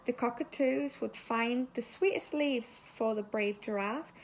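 An unhurried female teacher with a fairly high voice reads a story to children, bringing the text to life and pausing at times to question them. A faint hiss or hum runs underneath.

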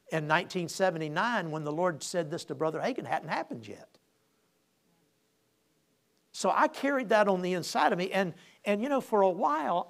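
Male pastor, gravelly, a bit high-pitched, storytelling sermon, restarts a lot and builds up emphasis.

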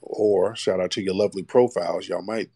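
A man's voice: low-pitched, steady tone, brisk, mellow, no room sound. A man hosting a live call-in show, talking bluntly and mockingly to callers. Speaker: host.

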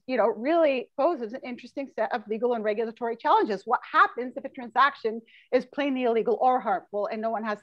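Woman panelist, higher voice, emphatic, dry and muffled call audio. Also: dry recording. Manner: emphatic, animated, laughs often. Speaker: law professor panelist. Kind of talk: panel discussion. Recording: dull lo-fi video call audio.

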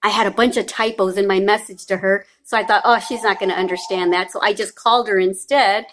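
A woman's voice: medium pitch, steady tone, a little fast, a bit bright, a little hiss or hum. A woman vlogging at home on a handheld camera, chatting in a bubbly, cheering way and cooing to a baby. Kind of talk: casual vlog chat.

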